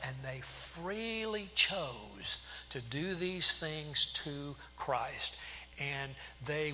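Bright-voiced man preaching in a hall. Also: a little high. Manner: asks rhetorical questions, emphatic preaching. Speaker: pastor. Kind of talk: sermon. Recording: long hall reverb, faint hum.

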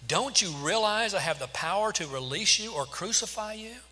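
A man's voice: a little high, expressive, moderate pace, pushed and bright, voice pushed up. A man voicing the Roman governor Pilate, an exasperated and insistent adult man who pushes with raised, pressing questions. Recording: long hall reverb.

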